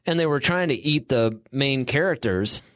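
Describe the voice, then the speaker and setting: A man's voice: medium pitch, lively intonation, moderate pace, fairly bright tone, no echo, clean studio sound. A man co-hosting a podcast, chatting casually about movies and acting out lines he quotes. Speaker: podcast co-host. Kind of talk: casual chat.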